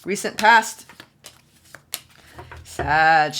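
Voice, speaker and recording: A woman giving a solo tarot reading, excitable and gushing, repeating phrases for emphasis. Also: medium pitch, moderate pace, a little hiss or hum. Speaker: tarot reader.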